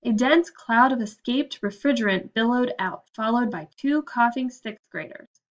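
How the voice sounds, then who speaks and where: A woman reading a children's storybook aloud with steady, expressive narration. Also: a little high, normal speed, dull audio. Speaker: audiobook narrator.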